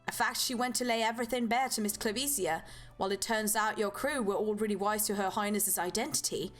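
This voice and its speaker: A woman's voice: medium pitch, a little fast, faint music behind, close to an everyday voice. A woman streamer voicing a poised, courteous noblewoman, speaking in a composed and formal way.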